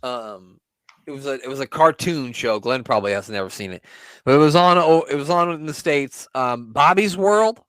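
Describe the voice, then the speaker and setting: A man's voice: mid-range voice, normal speed, a bit bright, clean tone, dry recording. A man co-hosting a podcast, chatting casually and joking while commenting on an old wrestling show. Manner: jokey, playful, laughs often. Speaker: podcast co-host.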